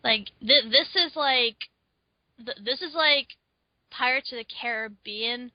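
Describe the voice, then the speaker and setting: A woman co-hosting a casual podcast chat about films, playful and animated. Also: a little high, a little slow, no room sound. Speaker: co-host. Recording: dull, dry lo-fi recording.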